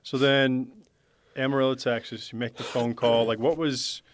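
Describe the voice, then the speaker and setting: A man's voice: mid-range voice, level tone, moderate pace, a little hiss or hum. A man hosting a podcast, talking in a loose, rambling way full of fillers. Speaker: podcast host, former player. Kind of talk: casual chat.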